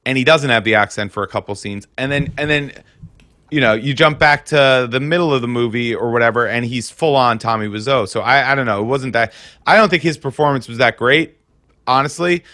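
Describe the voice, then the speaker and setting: A man co-hosts a relaxed film chat, rambling with many fillers. His voice is bright and forceful, and the recording is dry and close. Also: brisk, no echo. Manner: rambling, heavy on fillers, jumps up in pitch for mock impressions. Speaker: podcast co-host. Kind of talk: casual chat about a film.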